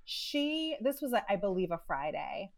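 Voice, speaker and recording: A woman who runs a dog rescue, telling a story in a lively, chatty way and acting out the quotes. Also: mid-range voice, measured pace. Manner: animated, chatty, lots of "like" and acted-out quotes. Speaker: dog rescue owner and pet matchmaker. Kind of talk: storytelling in an interview.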